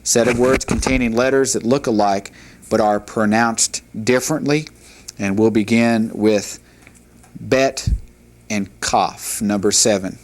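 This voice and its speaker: A man teaching a Hebrew language lesson, reading word lists aloud in a measured, deliberate way and explaining syllables. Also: fairly low pitch, fairly even intonation. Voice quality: measured, deliberate delivery with pauses between drilled words.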